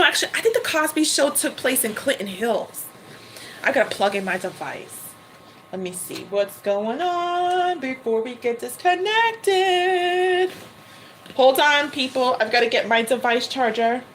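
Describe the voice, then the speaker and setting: New lady chatting on a livestream, kinda high voice, laughs a lot, bit of faint noise behind. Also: fairly bright tone, poor audio. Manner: chatty, laughing often, quick asides. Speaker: tarot reader livestream host. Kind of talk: casual chat to a livestream.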